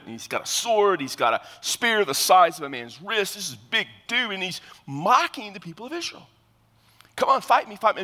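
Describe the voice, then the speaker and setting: A man in his fifties preaching a sermon as pastor, in a lively, joking, conversational way. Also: fairly high pitch, long reverb tail. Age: 50s.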